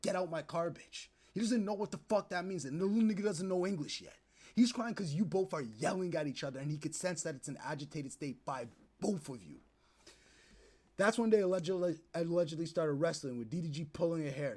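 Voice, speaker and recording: A young man streaming, ranting to his chat in animated, profane commentary and acting out the people he talks about. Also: a little high, husky. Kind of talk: casual commentary to live chat.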